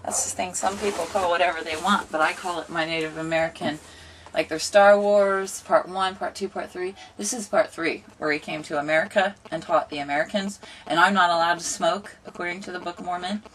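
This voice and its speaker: A woman's voice: on the low side, steady tone, fairly quick, fairly bright tone, slight background noise. A woman hosting a casual home vlog, rambling and playfully bossy as she chats. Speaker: vlog host. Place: home room with ambient noise.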